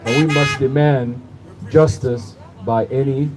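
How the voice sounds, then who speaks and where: A man's voice: medium pitch, fairly even intonation, takes it slowly, a crowd in the background, poor audio. A man delivering an impassioned outdoor protest speech at night, building rhythm through repeated rhetorical phrases. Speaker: rally speaker.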